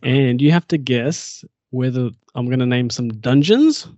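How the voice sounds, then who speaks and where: A man's voice: mid-range voice, animated, a little mellow, no room sound, highs cut off. Playful man quizzing his co-hosts. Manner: quick, playful quizmaster. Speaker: podcast co-host. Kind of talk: casual chat.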